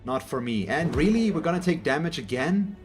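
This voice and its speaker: German-born male gaming host, slightly high voice, chatty and meandering, faint music behind. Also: sing-song, brisk. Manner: rambling, self-correcting, chatty. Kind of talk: casual gameplay commentary.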